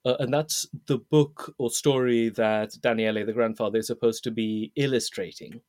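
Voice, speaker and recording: A man's voice: mid-range voice, steady tone, moderate pace, darkish tone. Hesitant man discussing a novel. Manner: hesitant, laughing often. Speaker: podcast host. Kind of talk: casual book discussion.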